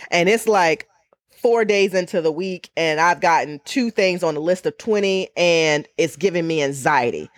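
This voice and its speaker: A woman's voice: sits low, normal speed, no room sound. Middle-aged woman sharing personal reflections; earnest, emotional, close and dry. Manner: earnest, emotional, repeats phrases for emphasis. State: near tears. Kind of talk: reflective podcast conversation.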